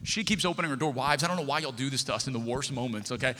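A man preaching, telling a personal story in an animated, self-interrupting way and joking with the congregation. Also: medium pitch, rapid-fire, a little hiss or hum. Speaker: pastor. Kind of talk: sermon storytelling. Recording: reverberant hall.

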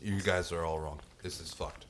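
A man in a casual food-review chat with friends, rambling and restarting his sentences, quick to laugh. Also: sits low, steady tone. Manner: rambling, self-interrupting, laughs easily.

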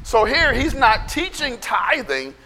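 A man preaching a sermon, loud and emphatic, almost yelling, and calling for amens from the congregation. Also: extremely high pitch, sing-song, takes it slowly, long reverb tail, slight background noise. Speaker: pastor.

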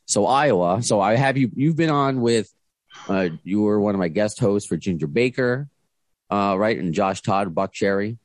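Low-voiced chatty male podcast host. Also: normal speed, no room sound. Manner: chatty, rambling with restarts. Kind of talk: casual chat. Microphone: video call.

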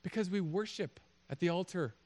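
A man's voice: high-pitched, normal speed. A man preaching a sermon as a pastor, telling jokey stories and acting out little voices. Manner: animated, jokey storytelling with acted-out voices.

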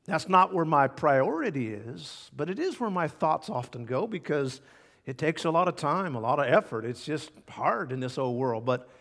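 A man preaching a sermon as pastor, emphatic, repeating key words and swinging between loud and hushed. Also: fairly high pitch, sing-song, normal speed. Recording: long hall reverb.

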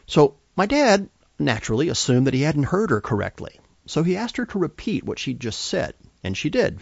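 A man's voice: mid-range voice, gravelly, a little mellow, no room sound. A man hosting a podcast, telling stories in scripted narration with a wry storyteller's timing and punchlines that he stresses. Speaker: podcast host. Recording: dry, slightly dull lo-fi recording.

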